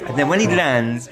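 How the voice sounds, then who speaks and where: A man co-hosting a casual football chat, telling stories in a rambling, stop-start way with many restarts. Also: medium pitch. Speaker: podcast co-host.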